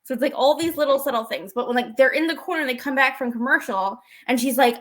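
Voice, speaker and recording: A woman with a high voice talks through a recap, bouncing between narration and little acted-out lines. The chat is casual and animated. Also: fast talker, few pauses. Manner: animated retelling, acting out lines. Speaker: podcast co-host.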